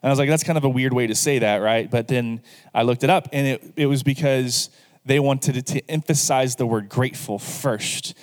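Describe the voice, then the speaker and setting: A man's voice: mid-range voice, in a large hall. A man preaching a sermon as pastor, speaking earnestly and directly to the congregation and leading them in prayer. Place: church sanctuary.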